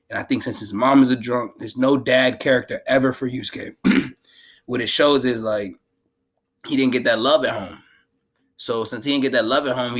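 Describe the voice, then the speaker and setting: Slangy man recapping an anime. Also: mid-range voice. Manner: slangy, animated, laughs often. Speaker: anime commentator.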